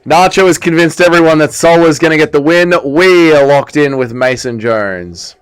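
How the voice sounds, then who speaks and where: A young Welsh man hosting a casual livestream watch-along, chatting excitedly with his viewers and calling the action. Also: fairly high pitch, moderate pace, smooth. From Wales. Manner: excitable, chatty, reads chat aloud. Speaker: livestream host.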